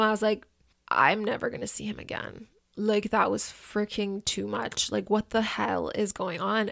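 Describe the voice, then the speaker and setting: A woman's voice: a little high, gravelly, a bit bright. A woman in her thirties hosting a podcast, telling a personal story in a chatty way with many fillers and acted-out quotes. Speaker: podcast host. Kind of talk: casual storytelling.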